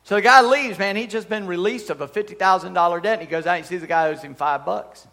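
A male preacher delivers a sermon with animated, emphatic storytelling and humorous asides. His voice sits a little higher than most men's. The church hall adds a long reverb tail behind every phrase. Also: fast, vocal fry.

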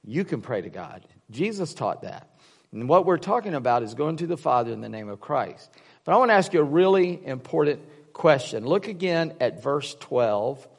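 A man's voice: a little high, sing-song, normal speed, creaky, a little mellow, husky, long reverb tail. A man preaching a casual sermon, rambling through personal stories with many restarts and fillers. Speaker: pastor.

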